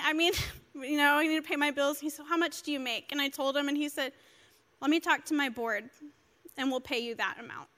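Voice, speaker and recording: A woman pastor, preaching a sermon and telling her story with animated, emotional delivery. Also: high-pitched, brisk. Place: church.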